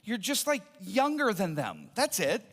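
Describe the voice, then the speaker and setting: Animated preacher in a reverberant hall. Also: male voice, high-pitched, measured pace. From American Midwest. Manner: animated storytelling with acted-out dialogue. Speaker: pastor. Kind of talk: sermon. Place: church auditorium. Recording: long reverb of a large hall.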